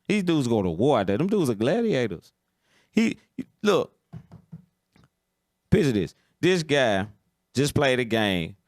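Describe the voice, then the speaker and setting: A man hosts a casual football talk stream, blunt and opinionated. His voice sits mid-range. The recording is dry, with no room echo. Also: mid-range voice. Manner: blunt, opinionated, keeps asking "you understand?". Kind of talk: casual sports commentary.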